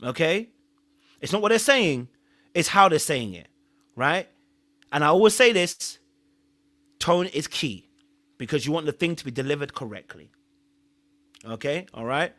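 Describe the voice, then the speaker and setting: Male live-stream host; casual, earnest, repeats points; a bright, tense voice. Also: on the high side, expressive, a little slow, long pauses. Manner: chatty, repeats himself, thanks viewers often; earnest advice-giving. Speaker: show host reviewing a reality series. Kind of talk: live-stream recap chat.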